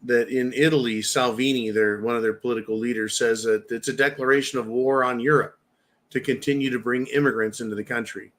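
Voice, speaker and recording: A man's voice: mid-range voice, steady tone, fairly quick, fairly bright tone. A man in his fifties hosting a preparedness channel, talking straight to his viewers in a blunt, fired-up monologue and swearing freely. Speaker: prepper channel host. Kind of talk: opinionated monologue.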